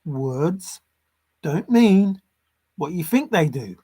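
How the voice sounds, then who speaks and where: Here a treasure-hunt vlogger talks slowly but very animatedly in a highish, mellow, husky voice. His unscripted solo commentary is sarcastic and exasperated, full of swearing and repeated phrases meant to drive points home.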